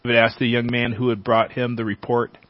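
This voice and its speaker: A man reading a Bible chapter aloud as a teacher, at a measured pace. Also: mid-range voice, little pitch movement. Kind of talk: scripture reading. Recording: dull, dry lo-fi sound.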